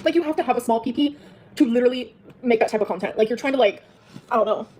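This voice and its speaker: Woman streamer venting fast and furious, a little high-pitched and sweary. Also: darkish tone, slight background noise, poor audio. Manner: heated, profane, venting. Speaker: livestreamer. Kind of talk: angry livestream rant.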